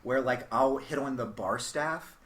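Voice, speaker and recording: A man's voice: mid-range voice, a little slow, fairly bright tone. A young man, a stand-up comedian, telling stories on a podcast, acting out voices and swearing freely. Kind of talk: casual chat, comic storytelling.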